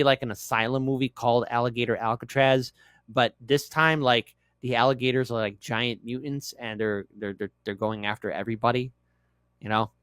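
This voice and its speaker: A man's voice: medium pitch, smooth, dry recording, studio quality. Joking male commentary host. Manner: joking, repeats words, loud bursts. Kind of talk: casual news commentary.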